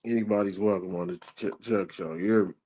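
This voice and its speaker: A man with a very low, deep voice hosts a casual livestream. He talks in a relaxed, slangy way, greeting viewers by name and reading their comments aloud. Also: fast, breathy edge, low-quality recording. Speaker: livestream host.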